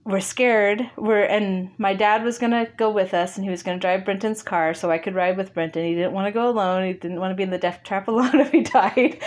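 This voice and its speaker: Animated woman telling a story. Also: medium pitch. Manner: animated, laughs often, acts out dialogue. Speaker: interview guest. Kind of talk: casual storytelling.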